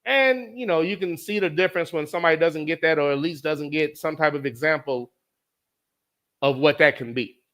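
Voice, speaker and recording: A man hosting his own show, telling a story in a casual, animated way, swearing often and repeating lines for emphasis. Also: a little high, moderate pace. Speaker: podcast host.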